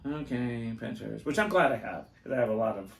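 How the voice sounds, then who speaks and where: A man hosting a casual podcast chat, telling animated stories and acting out the voices of the people he quotes. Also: on the low side, racing, distant mic. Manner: animated storyteller who acts out quoted voices. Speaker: podcast host. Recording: roomy echo.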